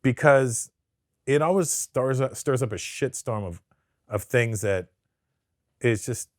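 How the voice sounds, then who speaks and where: A man being interviewed, talking casually. He swears a lot, stammers through restarts and tells stories with lively put-on voices. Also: medium pitch, slow pace, dry recording, studio quality. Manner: profane, stammering restarts, animated storytelling with put-on accents. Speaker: comedian guest.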